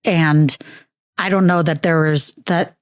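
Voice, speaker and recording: A woman's voice: deep voice, steady tone, takes it slowly, no room sound, clean studio sound. A woman hosting a casual podcast interview, teasing her guest in a jokey way. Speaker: podcast host.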